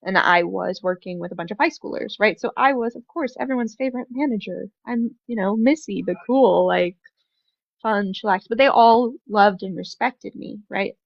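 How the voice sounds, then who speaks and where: A young woman with a gravelly, fry-edged voice talks through a personal story with lots of fillers and lively asides. The recording is dry and a bit dull and lo-fi. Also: medium pitch, dry recording. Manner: animated storytelling, many fillers. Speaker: guest. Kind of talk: casual conversation.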